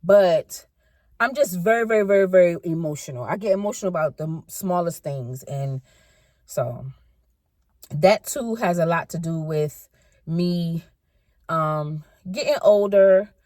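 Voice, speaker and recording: A woman's voice: on the low side, a little mellow, no echo. Chatty woman in her fifties, car vlog. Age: 50s. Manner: rambling, chatty, self-correcting. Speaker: vlogger. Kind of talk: casual car-ride vlog chat.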